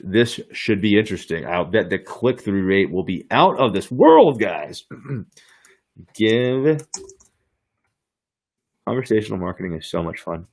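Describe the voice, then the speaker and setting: A man with a fairly low voice hosts a podcast and demos software on screen. He talks in hyped, slangy sales patter and laughs often. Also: lively intonation, a little slow, long pauses. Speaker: podcast host. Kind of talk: screen-share software demo.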